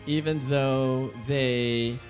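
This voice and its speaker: A man's voice: mid-range voice, steady tone, very slow, faint music behind. A man co-hosting a podcast, chatting casually and asking questions. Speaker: podcast co-host. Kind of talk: casual chat.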